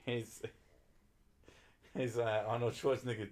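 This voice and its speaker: A man's voice: mid-range voice, flat delivery, unhurried, darkish tone. A man chatting casually on a livestream, rambling and swearing while he talks to his viewers. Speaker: streamer.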